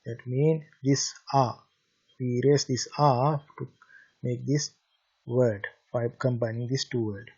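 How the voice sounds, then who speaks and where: A man with a Sri Lankan accent teaching a Pali lesson in English, reading each word aloud and then giving its meaning, with many hesitant pauses. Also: medium pitch, steady tone, darkish tone, slightly rough. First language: Sinhala. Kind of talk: slow classroom-style language lesson. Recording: dull lo-fi recording.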